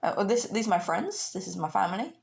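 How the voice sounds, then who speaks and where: A woman's voice: mid-range voice, sing-song, quick pace, creaky. Woman doing a cocky young alien fighter. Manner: cheerful and cocky. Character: brash young male alien martial artist.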